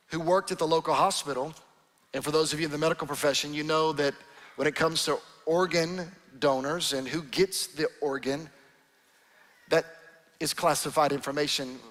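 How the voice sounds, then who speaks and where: A man's voice: on the high side, normal speed. A pastor, a man, telling a story in an earnest, emphatic sermon in a church sanctuary. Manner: earnest, emphatic, softening to near-whispers at tender moments. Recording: long hall reverb with soft music behind.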